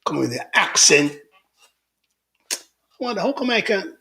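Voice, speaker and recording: A man's voice: high voice, big pitch swings, unhurried, gravelly, pushed and bright. A middle-aged man hosting a casual livestream, reading out viewer comments in a chatty, teasing manner. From Jamaica. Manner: chatty, teasing, laughs often.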